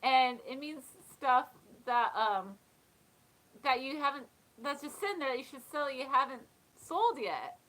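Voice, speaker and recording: Woman, live chat host, chatty and giggly, bright, fairly high voice. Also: lively intonation, unhurried, poor audio. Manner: chatty, giggly, reads chat comments aloud.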